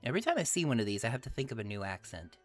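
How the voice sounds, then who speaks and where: A man's voice: medium pitch, very animated, very fast. Brief: male streamer, playful chatty commentary, game music faint behind. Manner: playful, chatty, laughs often. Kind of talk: let's-play commentary.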